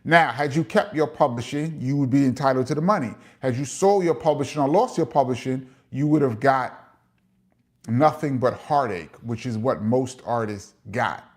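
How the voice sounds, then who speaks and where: A man's voice: mid-range voice, normal speed. Chatty New York man reading comments. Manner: long-winded, shouts out viewers, reads comments aloud. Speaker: host of a live chat show. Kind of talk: casual livestream chat, reading viewer comments.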